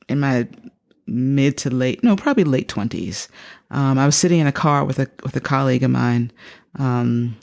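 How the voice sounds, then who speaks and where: A woman in her fifties, a psychotherapist being interviewed, telling a personal story in a lively way and acting out the voices she quotes. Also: creaky. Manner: animated, acts out quoted speech with big pitch jumps. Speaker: psychotherapist guest.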